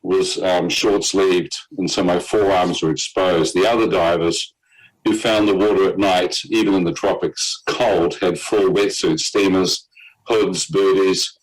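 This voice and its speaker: A man with a lowish voice tells his story of nearly dying. He gets animated, slips into other people's voices for their lines, and chuckles at his own bad luck. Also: a little slow, rough recording. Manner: animated storyteller, quotes others in character, laughs at himself. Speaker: guest telling his testimony. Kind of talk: personal testimony storytelling.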